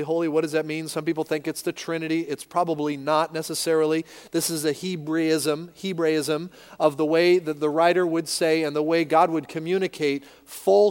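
A man preaching a sermon with strong emphasis, building to loud peaks and dropping back to a soft, low voice. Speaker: pastor. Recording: long hall reverb.

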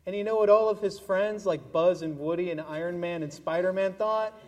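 Brief: man with a slightly high voice, animated children's storyteller in church, long reverb from the sanctuary. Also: brisk. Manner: animated storytelling with toys, playful. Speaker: pastor leading a children's message.

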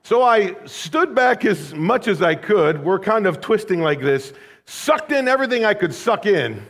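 A man's voice: high voice, big pitch swings, takes it slowly. An American man from the Chicago area preaching a sermon, telling stories in a conversational, wry, humorous way. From Rockford, Illinois, USA. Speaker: pastor. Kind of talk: sermon with personal storytelling.

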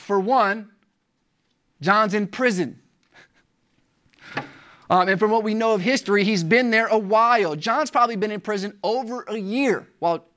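A pastor preaching a sermon, building emphasis through repeated rhetorical questions and shifts in pitch and volume. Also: fairly bright tone.

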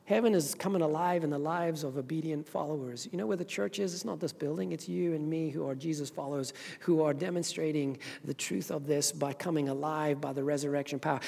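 Preaching Zimbabwean pastor in an echoing church. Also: male voice, a little high, steady tone, a little fast, creaky, few pauses, husky. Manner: swings from loud preaching to quiet, earnest talk. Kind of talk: sermon. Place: church sanctuary. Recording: long reverb of a church hall.

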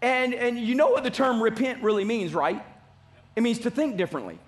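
With lively intonation and a brisk pace, a pastor whose male voice is strikingly high preaches as if in church. He hammers his message home forcefully, repeating phrases again and again.

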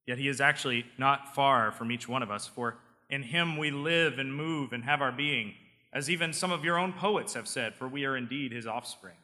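A man reading aloud the speech of an earnest male apostle, in a measured, proclaiming way. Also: medium pitch, sharp tone, big-room sound.

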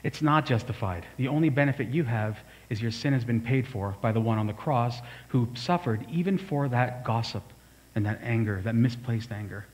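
Male pastor, mid-pitched, relaxed storytelling sermon with casual asides. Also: moderate pace, low-quality recording. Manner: storytelling, conversational, asides to the congregation.

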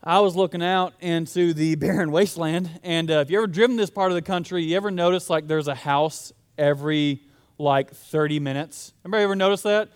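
A man's voice: fairly high pitch, fairly quick, smooth. A young man preaching a sermon in a casual, storytelling way. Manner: casual, storytelling, conversational with fillers. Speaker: pastor.

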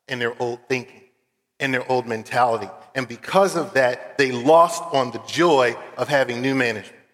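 A man's voice: mid-range voice, fairly bright tone. A man from Philadelphia preaching a sermon as a guest preacher, earnest and conversational, with casual fillers as he tells stories. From Philadelphia, USA. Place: church sanctuary. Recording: long church hall reverb.

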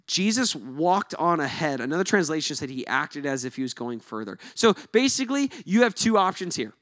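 A male pastor with a notably high voice preaches in a relaxed, talky style. He sounds animated and informal, tossing in "like" and "right?" as he goes. The sound is dry and close, with no room echo. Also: fairly quick. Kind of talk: conversational sermon.

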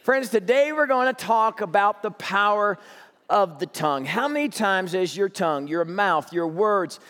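A man's voice: sits high, animated, normal speed, fairly bright tone. A man preaching as a pastor in a church auditorium, conversational and joking as he tells stories. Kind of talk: sermon. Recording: echoey hall reverb.

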